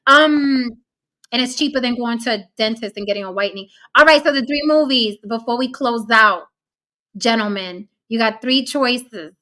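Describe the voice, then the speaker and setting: A woman's voice: a little high, normal speed, sharp tone. A woman hosting a casual group chat, brash, bossy and freely cursing. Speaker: host.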